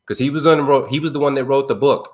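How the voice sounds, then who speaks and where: With a mid-range voice that races along, a man leads an online men's circle over video call. He tells personal stories in a casual, emphatic group-talk style, using slang.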